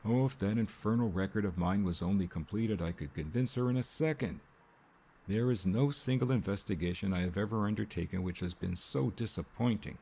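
A man voicing an anxious little older male investigator in an audiobook, with a husky, gravelly voice. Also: on the low side, fairly quick, dark tone. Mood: despairing.

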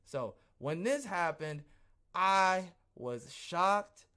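Animated, emphatic male podcast host. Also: very slow, smooth. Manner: animated and emphatic, swinging from low asides to loud outbursts; repeats himself, rambling restarts. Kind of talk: casual ranting commentary.

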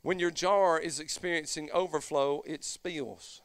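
A man preaching a fervent Pentecostal sermon as pastor, swelling from low, conversational stretches into shouted whoops. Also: steady tone, unhurried, no room sound.

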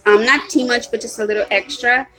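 A woman with a bright, slightly high voice chats on a home live stream about her shopping haul. She keeps apologizing and rambles, stopping and restarting her sentences with plenty of ums. It sounds like a phone or webcam mic at home. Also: fairly even intonation, brisk, soft background music, rough recording. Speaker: vlogger. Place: at home, hot room.

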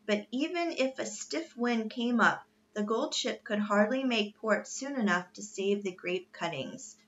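A woman reading a children's novel aloud in steady narration. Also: medium pitch, measured pace, muffled recording. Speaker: reader. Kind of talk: storybook read-aloud.

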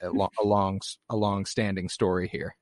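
A male podcast co-host talks through a film in a loose, animated way, restarting his sentences and swearing now and then. His voice sits a little low, and it sounds dry and close to the mic. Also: brisk, dry recording. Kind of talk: casual film discussion.

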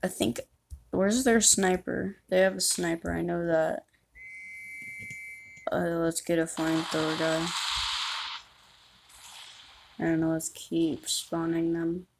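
A woman's voice: lowish voice, little pitch movement, measured pace, gravelly, darkish tone, a little hiss or hum. A woman chatting and rambling as she plays a game, giving commentary and poking fun at herself. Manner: chatty, rambling, self-mocking. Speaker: gamer. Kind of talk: gameplay commentary.

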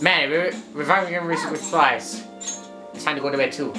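A woman with a notably low voice chats casually as she plays through a video game. She stumbles and restarts her words often, and game music runs underneath. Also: a little fast, reverberant. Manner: chatty, stumbling over her words, reading game lines aloud. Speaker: gameplay commentator. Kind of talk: casual let's-play commentary.

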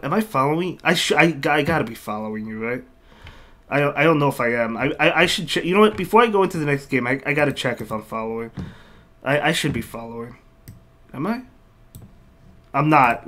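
This game streamer has a medium-pitched, fairly bright voice as he commentates his online battles live. He's chatty, reading messages from chat, thanking viewers, and frequently repeating himself between moves.

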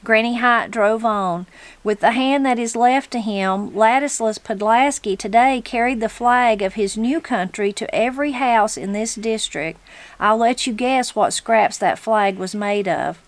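Woman from Southern Appalachia reading a story aloud, unhurried and gentle, dry close sound. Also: on the high side, dry recording. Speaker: reader of a book.

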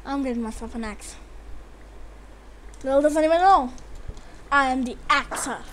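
A woman giving live gameplay commentary, excitable and trash-talking, yelling at opponents and teammates between quieter muttering. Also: sits high, moderate pace, slight background noise. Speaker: gamer commentator.

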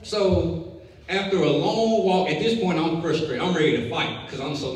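A young man preaching a sermon, telling a lively story before building to emphatic preaching. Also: high-pitched, normal speed. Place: church sanctuary. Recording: echoey hall, distant mic, faint noise.

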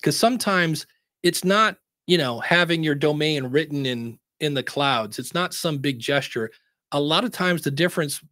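A man's voice: fairly bright tone, no echo, studio quality. Upbeat man teaching podcasting. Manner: conversational, acts out quotes in a higher voice. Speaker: podcast educator presenting a webinar. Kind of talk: casual webinar talk.

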